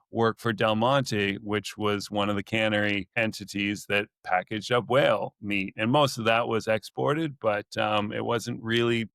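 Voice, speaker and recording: A middle-aged man from California, a naturalist guest telling rambling, lively stories in a casual podcast interview, on a close mic. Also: mid-range voice, no room sound.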